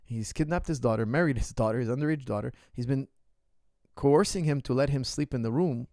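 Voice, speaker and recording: A man, a martial arts coach, chatting casually in a Q&A and telling stories in an animated way, acting out the people he quotes, often repeating words and restarting phrases. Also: medium pitch, a little fast, dry recording, clean studio sound. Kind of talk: casual livestream Q&A chat.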